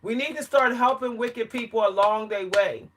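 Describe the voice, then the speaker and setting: Bright-voiced woman vlogger telling a story. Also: on the high side, moderate pace. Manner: emphatic storyteller who laughs often between points. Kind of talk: casual to-camera monologue.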